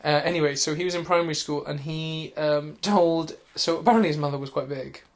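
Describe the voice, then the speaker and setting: A fairly high-voiced man co-hosting a comedy podcast, riffing and telling stories in loose, joking chat. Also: steady tone, fairly quick, vocal fry. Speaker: podcast co-host.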